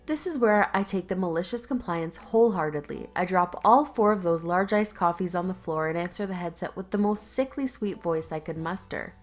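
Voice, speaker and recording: A woman's voice: lowish voice, lively intonation, normal speed, hardly any pauses, soft background music. A woman narrating online stories aloud in a conversational, lightly sarcastic reading style, with casual asides. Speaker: YouTube story narrator.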